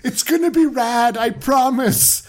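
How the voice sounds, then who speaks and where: A man's voice: extremely high pitch, a little slow, pitched above the performer's own voice. A man voicing a giddy, scheming ancient patriarch who talks in surfer-dude slang. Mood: reassuring.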